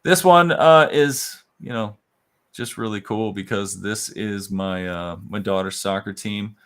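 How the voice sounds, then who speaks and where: A middle-aged man co-hosting a casual chat show, easygoing and quick to laugh. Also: fairly low pitch, fairly bright tone, smooth. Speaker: co-host.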